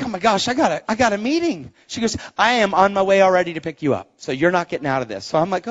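A man preaching a testimony sermon, telling stories with loud exclaims and quiet asides. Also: fast, few pauses. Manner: animated storytelling, swings between loud exclaims and low asides. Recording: dull lo-fi live recording.

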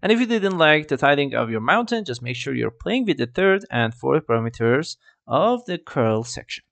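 Lively gravelly man explaining software. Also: medium pitch, normal speed, no echo. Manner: lively, repeats "I mean" and "let's just" while walking through steps. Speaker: 3D tutorial creator. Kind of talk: screen-recorded software tutorial.

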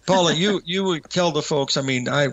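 Older male radio host, gravelly and folksy, fairly high voice, dry close mic. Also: normal speed, a loud crowd. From Southern Indiana. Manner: folksy, drawling, chuckles along. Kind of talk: casual on-air chat.

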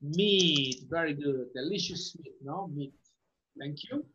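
A woman's voice: low-pitched, slow, a bit bright. A woman English teacher giving a class, repeating words and often asking "okay?" to check understanding. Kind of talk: online class instruction. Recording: muffled lo-fi audio.

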